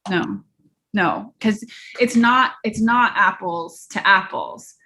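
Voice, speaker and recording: A woman speaks in a taped personal conversation with her mother. Her pace is slow and unhurried. She explains things earnestly and patiently. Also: mid-range voice, sharp tone. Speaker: daughter arguing on a phone call.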